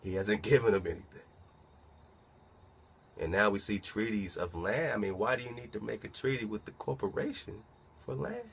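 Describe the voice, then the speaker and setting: A man's voice: lowish voice, gravelly, slightly rough. A man reading a document aloud and commenting on it in a casual way, asking himself rhetorical questions as he goes. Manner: muses aloud, asks rhetorical questions, reads slowly then comments.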